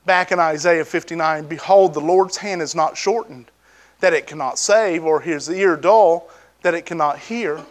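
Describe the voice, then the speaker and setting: Speaking at a normal speed in a voice fairly high for a man, a preacher gives a sermon in a relaxed, conversational style. He relies heavily on rhetorical questions, shifting between raised, emphatic bursts and soft, low asides.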